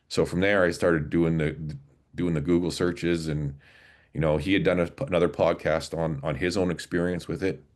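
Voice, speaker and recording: A man in his forties, a podcast guest and former police officer, telling his story in an earnest, halting way with many restarts. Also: sits low. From Canada, Alberta. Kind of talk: casual storytelling interview.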